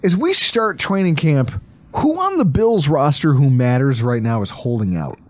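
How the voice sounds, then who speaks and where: A man hosts a casual sports podcast with a joking, quick manner. His voice sits a little high for a man and swings widely in pitch as he riffs through his points. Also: no room sound. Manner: animated, joking, quick asides. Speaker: podcast host.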